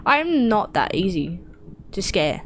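A woman's voice: medium pitch, sing-song, slow, fairly bright tone, a little hiss or hum. A woman giving horror game let's-play commentary, talking to herself in a jumpy way and swearing often. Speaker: gaming streamer.

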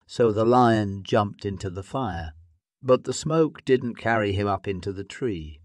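Male narrator for learner stories; slow, clear, expressive read. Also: lowish voice, no room sound. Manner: slow, clear, deliberate reading. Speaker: storyteller. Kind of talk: graded reader narration for English learners.

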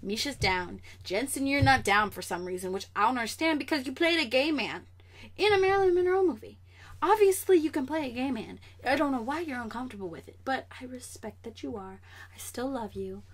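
A young woman vlogger chatting casually and sassily about comic news, animated and straight to the camera. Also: on the high side, a little fast, husky.

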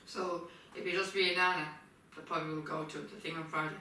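In a casual home video shot in her kitchen, a woman rambles and keeps circling back over the same points, a frog in her throat. Her voice is lowish with a sharp tone, picked up by a distant mic in an echoey room with slight background noise.

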